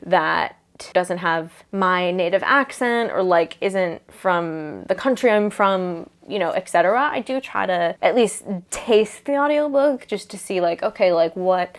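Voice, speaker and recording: Chatty young woman, low voice. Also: a little slow, hardly any pauses. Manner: chatty, filler-heavy, many "like"s. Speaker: book vlogger. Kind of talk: casual chat to camera.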